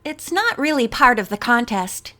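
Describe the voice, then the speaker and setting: A woman's voice: on the high side, very animated, moderate pace, bright, forceful tone. A woman voicing a caring young organizer. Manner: sympathetic, soothing. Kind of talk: audiobook character voice.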